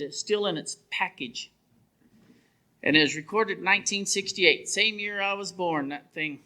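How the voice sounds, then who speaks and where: Speaking at a church revival, a southwestern U.S. man in his 50s shares his testimony in a high voice that sounds pushed and bright. He's a preacher and a plainspoken, folksy storyteller whose grammar is rural.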